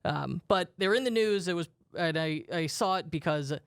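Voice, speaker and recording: A man's voice: fairly high pitch, moderate pace, vocal fry, clean tone, no echo, clean studio sound. A man co-hosting a podcast, telling stories in a jokey, self-deprecating way. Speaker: podcast co-host. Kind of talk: casual podcast chat.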